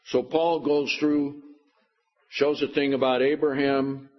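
A man preaches slowly in a husky voice, leaning on emphatic points and sarcastic rhetorical questions. His Bible teaching comes through a dull, lo-fi recording. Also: mid-range voice.

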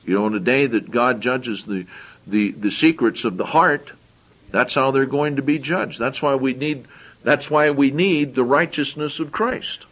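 A male preacher with a mid-pitched voice delivers a sermon. He reads Bible verses aloud, then breaks off into casual, chatty explanation. He often repeats words and restarts phrases as he thinks aloud. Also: a little slow, fairly bright tone, dull audio. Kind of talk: sermon with scripture reading.

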